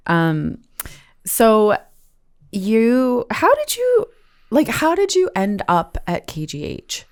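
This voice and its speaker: A woman's voice: a little high, big pitch swings, takes it slowly. A woman hosting a casual podcast, upbeat and friendly, speaking with fillers like "like" and "um". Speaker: podcast host.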